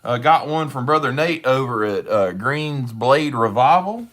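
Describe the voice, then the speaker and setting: A man's voice: mid-range voice, lively intonation, measured pace, fairly bright tone. A man chatting casually on a livestream while he works on leather in his workshop. He rambles in a folksy way and greets viewers as brother.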